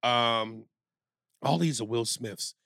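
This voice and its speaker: Gravelly, animated man hosting a podcast. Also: mid-range voice, normal speed, no room sound, clean studio sound. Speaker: podcast co-host. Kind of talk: crude comedic podcast banter.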